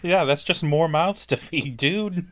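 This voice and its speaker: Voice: medium pitch, a little slow. A podcast co-host giving sarcastic, laughing commentary while recapping a TV episode. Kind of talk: casual chat recapping a TV episode.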